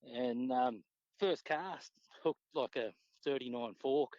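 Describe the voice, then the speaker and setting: A man with an Australian accent, a podcast guest telling fishing stories in a relaxed, swearing, casual way. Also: takes it slowly, no room sound. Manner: laid-back, swears freely, acts out quotes with pitch jumps. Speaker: podcast guest, tournament angler. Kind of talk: casual storytelling chat. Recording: dull lo-fi dry sound.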